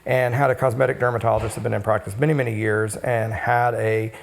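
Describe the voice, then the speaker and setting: Gravelly-voiced man explaining patiently. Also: medium pitch. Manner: explanatory, steady, frequent "uh" pauses. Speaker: cosmetic injector, podcast co-host. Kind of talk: educational podcast talk.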